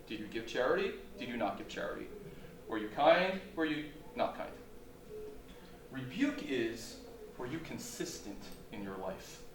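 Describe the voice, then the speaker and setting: A man's voice: mid-range voice, noisy background. A man teaching as a rabbi in a lecture, posing rhetorical questions and swinging his volume up and down for emphasis. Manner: animated, rhetorical questions, dramatic shifts in volume. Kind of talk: Torah lecture. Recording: roomy hall, distant mic, faint ambience.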